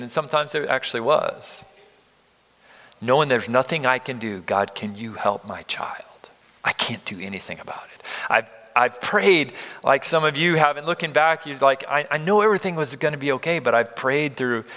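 A man in his fifties preaching a sermon, earnest and emphatic, moving between loud stress and near-whispers. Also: on the high side. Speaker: pastor. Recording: long reverb of a large hall.

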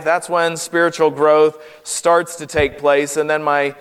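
Southern us preacher guy, earnest and emphatic, slowing down to stress points, kinda high voice, echoing church. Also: flat delivery, a bit bright, clear, resonant tone. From North Carolina. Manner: earnest, emphatic, deliberate pacing. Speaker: guest preacher. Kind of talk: sermon. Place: church sanctuary. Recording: long hall reverb.

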